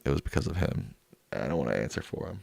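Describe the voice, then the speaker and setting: A man's voice: a bass voice, sing-song, fast, vocal fry, a little mellow, no room sound. A man hosting a livestream after-show, casually reading viewer comments aloud and answering them offhand. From United States. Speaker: livestream host reading chat. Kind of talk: casual chat.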